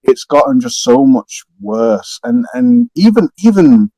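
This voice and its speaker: Laid-back Mancunian gamer, mellow tone. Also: male voice, mid-range voice, big pitch swings, unhurried, no room sound, low-quality recording. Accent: Manchester English. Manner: laid-back, slangy, rambling. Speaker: podcast panelist. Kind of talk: casual panel chat.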